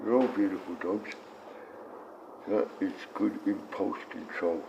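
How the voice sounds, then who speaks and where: This Australian man in his sixties talks in a low, creaky voice at a measured pace, his intonation fairly even. He's blunt and rambling on a loose live stream, reading comments out loud and addressing his dogs, all captured in dull lo-fi sound with faint noise.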